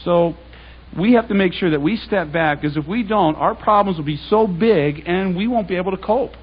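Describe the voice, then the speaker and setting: A man's voice: high voice, normal speed, slightly rough, lo-fi sound. A man giving a public Bible talk, telling stories in a casual, conversational way and acting out the dialogue. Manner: conversational, anecdotal, acts out dialogue. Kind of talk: storytelling sermon.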